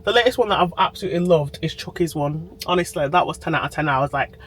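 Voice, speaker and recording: A woman's voice: low-pitched, quick pace, slight background noise, rough recording. A woman chatting to camera in a diary vlog, sitting in a parked car and talking into her phone. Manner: bubbly, chatty, talks straight to camera. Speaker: vlogger.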